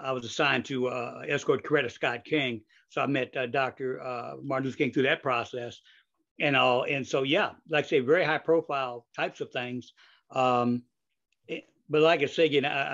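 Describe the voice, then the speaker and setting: A man's voice: mid-range voice, steady tone, moderate pace, a bit bright. An older man hosting a podcast interview in casual chat, rambling with many fillers, restarts and asides. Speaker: podcast host. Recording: dull lo-fi audio.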